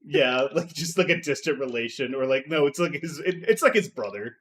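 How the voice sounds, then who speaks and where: A man's voice: on the high side, lively intonation, fairly quick, fairly bright tone, slight background noise. A man running a tabletop role-playing game as game master, rambling with many fillers and laughing often.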